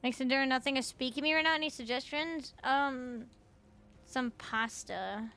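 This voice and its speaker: A young Canadian woman streams a game and chats with her viewers, her high voice bright and sharp. She rambles casually, full of likes and ums, with frequent swearing. Her accent is Canadian. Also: moderate pace, smooth. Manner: chatty, swears, many fillers. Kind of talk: casual live-stream chat while gaming.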